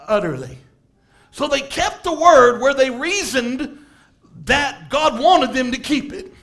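A man with a very high voice preaches a fervent sermon. He drops to hushed asides, then rises to shouted emphasis, and he hammers points home by repeating phrases. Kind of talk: impassioned sermon.

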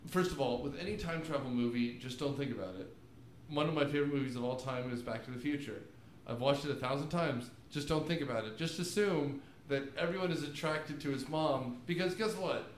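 A man co-hosting a casual movie podcast from his room, talking in a rambling, jokey, animated way with lots of asides. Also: mid-range voice, fairly quick, reverberant, slight background noise. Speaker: podcast co-host. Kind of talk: casual movie recap chat. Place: home room with DVD shelf.

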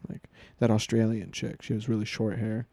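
A man's voice: lowish voice, flat delivery, normal speed, vocal fry, mellow, no room sound. A man in casual podcast chat, loose and profane, laughing often.

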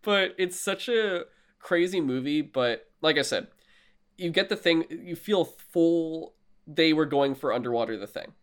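A man in casual podcast chat, retelling movie plots with animated, profane storytelling and acted-out lines. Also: on the high side, unhurried.

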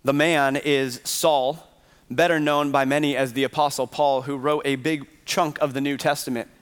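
A man's voice: medium pitch, fairly even intonation, moderate pace, clear, resonant tone. A man preaching a Sunday sermon as pastor, earnestly posing rhetorical questions to his congregation. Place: church sanctuary. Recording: reverberant hall.

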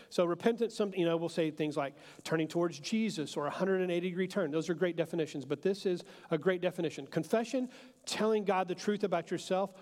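High-pitched guy preaching, loose and jokey, lots of "like", reverby church hall sound. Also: a little mellow. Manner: casual and joking, with many fillers. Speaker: pastor. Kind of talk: sermon.

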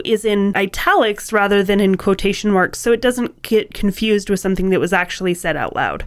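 A woman co-hosting a writing-advice podcast in a relaxed, conversational way. Her voice is smooth and clear, with a middle pitch. She adds dry, playful jokes as she explains. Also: a little fast, hardly any pauses. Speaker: podcast co-host.

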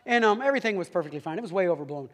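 A man with a high voice tells a funny story from the pulpit at a rapid clip. His animated delivery is full of asides to the listeners, and his voice rings with the long reverb of a big hall. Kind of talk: humorous sermon story.

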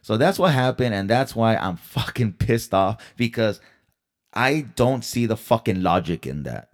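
A man hosts his own podcast in a solo storytelling rant, heated and full of profanity, firing rhetorical questions at listeners. His lowish voice is expressive and a little slow.

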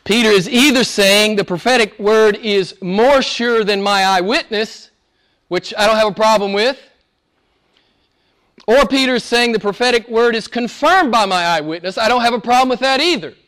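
High-voiced preacher exhorting his congregation. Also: moderate pace, fairly bright tone. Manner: exhorting, rising and falling emphatically. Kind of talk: sermon.

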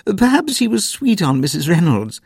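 A man's voice: high voice, sing-song, moderate pace, vocal fry, slightly rough, dry recording, voice pushed up, heavily acted. A man voicing a fussy, gossipy older grandmother in a storybook reading.

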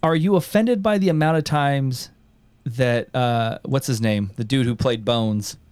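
A man's voice: medium pitch, a little slow, clear, resonant tone, no room sound. Young male podcast host, laid-back chat, loose and profane, dry close sound. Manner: swears often, animated storytelling with quoted voices. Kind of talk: casual chat.

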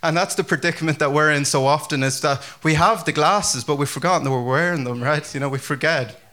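A man preaching a casual, conversational sermon as pastor, chatty and animated with frequent fillers and restarts. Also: on the high side, fairly quick.

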